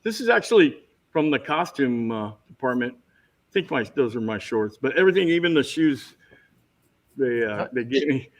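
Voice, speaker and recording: A man telling lively stories as a guest on a casual video-call chat, jumping into quick impressions. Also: medium pitch, rough recording. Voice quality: bald. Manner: animated anecdotes with impressions.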